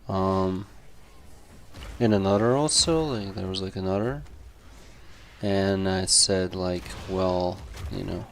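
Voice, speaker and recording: A man's voice: sits low, slow pace, pauses often, a little hiss or hum. A man chatting casually and swearing a lot, telling rambling stories full of fillers. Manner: profane, laid-back storytelling full of fillers.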